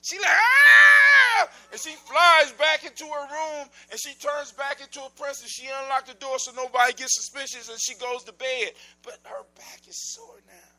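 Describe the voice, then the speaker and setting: A male storyteller telling a folk tale live to children, with a high, piercing, very bright voice. He narrates in an animated way, with sound effects and sudden shouts. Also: normal speed, few pauses, low-quality recording.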